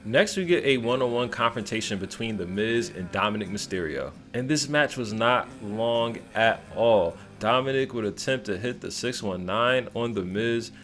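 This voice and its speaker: A man casually recapping a wrestling show, animated and playful, mimicking the wrestlers as he goes. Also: mid-range voice, normal speed, hardly any pauses.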